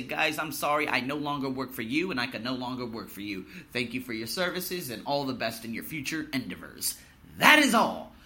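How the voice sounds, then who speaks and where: A man's voice: a little high, pushed and bright. A man hosting a solo podcast, ranting heatedly and swearing as he tells a story. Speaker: podcast host.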